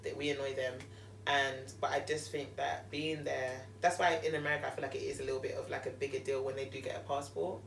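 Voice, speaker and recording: A woman's voice: extremely low pitch, fast, vocal fry, distant mic, a little hiss or hum. A young woman with a London accent, a podcast guest chatting casually and telling stories emphatically. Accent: London English. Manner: animated, emphatic storyteller. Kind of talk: casual chat. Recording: roomy, off-mic.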